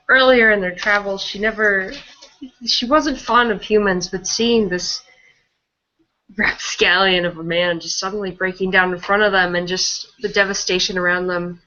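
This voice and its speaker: A woman narrating her character in a tabletop game, in a gentle storytelling way, on a lo-fi recording. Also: mid-range voice. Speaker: player.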